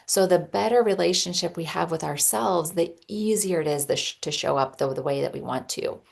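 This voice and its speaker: Woman, deep voice, gravelly, chatty podcast host, lots of ums. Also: brisk. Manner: chatty with frequent ums and restarts. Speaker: podcast host and parent coach. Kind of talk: casual teaching monologue.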